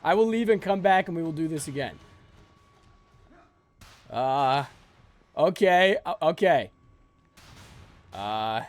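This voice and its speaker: Lively-pitched male gaming streamer. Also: slow pace, long pauses, soft background music. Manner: jokey banter with chat, sleepy and rambling. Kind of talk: live gaming stream chat.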